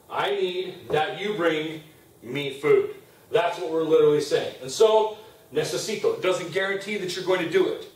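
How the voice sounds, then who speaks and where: A male teacher gives a classroom lecture, walking through each point patiently and pausing to ask "okay?". His voice sits a little high for a man. He is picked up from a distance, with the echo of a classroom around him. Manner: explains step by step, checks in with "okay?". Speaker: Spanish teacher. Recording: roomy classroom sound from a distance.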